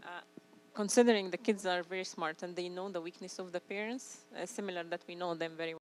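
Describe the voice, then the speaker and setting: A woman in a church hall audience poses a question to the speaker. Her voice is fairly low for a woman, and a faint hiss sits under it. She talks hesitantly, pausing on fillers and laughing a little. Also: steady tone. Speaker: audience member asking a question.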